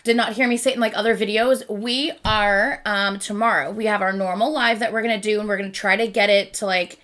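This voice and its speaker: A woman hosting a casual live stream, chatty and rambling, easily excited and quick to laugh. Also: medium pitch. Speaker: reaction channel host.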